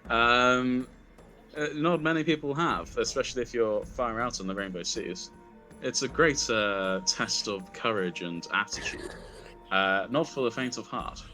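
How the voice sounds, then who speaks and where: A man's voice: mid-range voice, a little slow, pushed and bright, faint music behind. A man voicing a polite woman recruiter, a former tournament champion, in his own plain voice with plenty of ums and uhs. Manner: hesitant, many ums and uhs.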